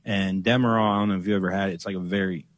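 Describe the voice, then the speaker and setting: A man's voice: low voice, rapid-fire, no room sound. A man as a podcast guest, telling a funny anecdote in casual chat and acting out the voices in it. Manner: animated, acts out voices in anecdotes. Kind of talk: casual comedic storytelling.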